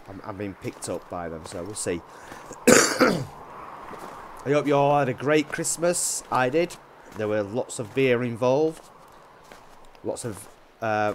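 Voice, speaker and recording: A man with a Yorkshire accent chatting casually while playing a hunting game, rambling with restarts and often dropping his voice low. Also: a little hiss or hum. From Yorkshire, England. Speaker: gaming YouTuber. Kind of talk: casual gameplay commentary.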